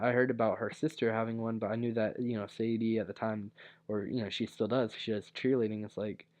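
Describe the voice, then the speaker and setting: A man's voice: on the low side, darkish tone. A young man casually telling a personal story, rambling with many fillers and restarts. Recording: dull lo-fi recording.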